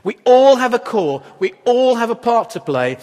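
A man's voice: extremely high pitch, very animated, moderate pace, mellow. A man preaching a sermon as pastor, in a conversational, wry style full of rhetorical questions. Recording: echoey hall reverb.

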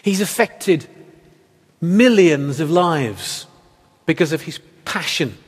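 A man's voice: fairly high pitch, animated, takes it slowly, slightly rough. A man preaching a sermon as pastor, earnest and emphatic, with rhetorical questions. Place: church hall. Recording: long hall reverb.

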